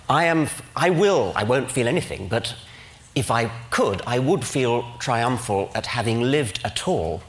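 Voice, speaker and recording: An older Englishman addresses a big auditorium audience in a measured, mid-pitched voice. His delivery is precise and crisp, with a dry, ironic edge. It sounds like a formal public talk given from a stage. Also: expressive, fairly bright tone. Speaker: conference speaker. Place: large auditorium with live audience.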